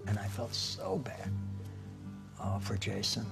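A man in a documentary interview, telling animated anecdotes and imitating voices. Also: lowish voice, takes it slowly, gravelly, over music. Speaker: interviewee, actor.

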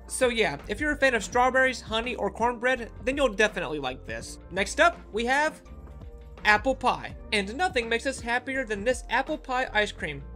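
An upbeat food vlogger running a casual taste-test review, with a bright, forceful voice. The talk is enthusiastic and aimed straight at the viewers. The pitch sits in a middling range.

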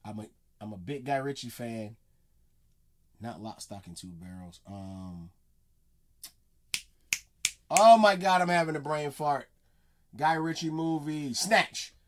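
A man's voice: medium pitch, slow pace, pauses often, slight background noise. A man casually hosting a comedy reaction video, loose and slangy.

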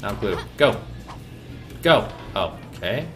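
A man hosting a let's play with loud, profane, rowdy outbursts and game audio behind him. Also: fairly low pitch, big pitch swings, slow. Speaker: gaming channel host. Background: game audio and music.

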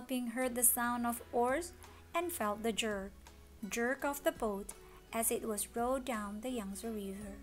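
A woman reading a children's story aloud, expressive with dramatic gasps. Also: a little high, a little slow, soft background music. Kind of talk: children's read-along story.

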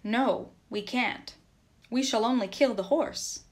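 Woman reading as a peasant workman, weary, dogged, loud urging calls, storybook. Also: a little high, slow. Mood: urgent, weary. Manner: calling out loudly, urging.

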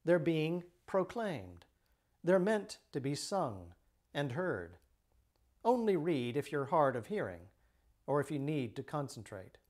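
A middle-aged priest giving a measured, explanatory lecture on Christian teaching. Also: male voice, on the high side, very animated, darkish tone.

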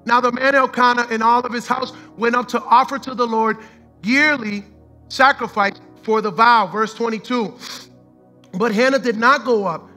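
High, bright-voiced impassioned male pastor. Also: fairly even intonation, moderate pace, faint music behind, poor audio. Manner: impassioned preaching with casual slang, swinging from shouts to hushed reading. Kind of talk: sermon.

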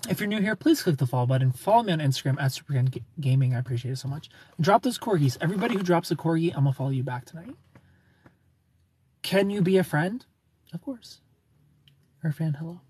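A man's voice: fairly high pitch, expressive, fast talker, a little mellow, a little hiss or hum. A tired man live streaming from an airport on his phone, rambling casually as he answers chat and thanks new followers. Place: airport terminal.

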